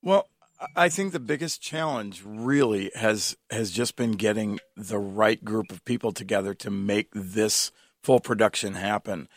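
Measured man, dry studio voice. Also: on the low side, no room sound. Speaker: theater director, guest. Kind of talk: radio interview.

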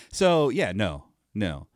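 A man chatting casually on a podcast, his pitch swinging widely as he talks. He laughs often and rambles through fillers and restarts. The recording is dry and close. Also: huge pitch swings, extremely slow, no echo. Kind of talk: casual chat.

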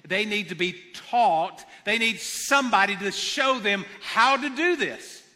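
Man preaching, high voice, very bright tone, earnest, repeats key phrases, long church-hall reverb. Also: measured pace. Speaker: pastor. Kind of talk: sermon.

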